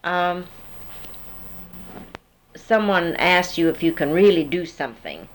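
Low-voiced woman running a patient interview. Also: animated, takes it slowly, low-quality recording. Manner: patient, prompting with fill-in-the-blank questions. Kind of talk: dialect survey interview.

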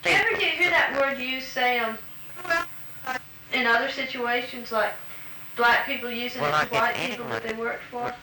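A woman's voice: a little high, normal speed, sharp tone. A woman interviewer asking prompt questions patiently, with frequent ums. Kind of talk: structured question-and-answer interview. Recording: roomy recording with background hiss.

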